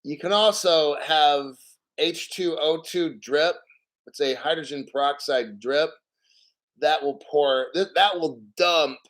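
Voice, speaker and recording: Guy ranting on his crypto stream, kinda high voice, swears a ton, keeps clearing his throat. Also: takes it slowly, fairly bright tone. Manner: blunt, profane, combative. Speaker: crypto livestream host. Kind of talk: casual livestream rant reading donations.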